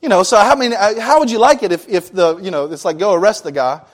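High-voiced male preacher, conversational. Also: lively intonation, quick pace. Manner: conversational, with casual slang asides. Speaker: pastor. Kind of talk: sermon.

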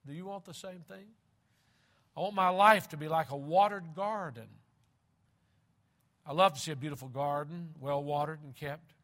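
A man preaching a sermon, reading scripture aloud and repeating key phrases slowly and with heavy emphasis, moving between loud and hushed passages. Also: on the high side.

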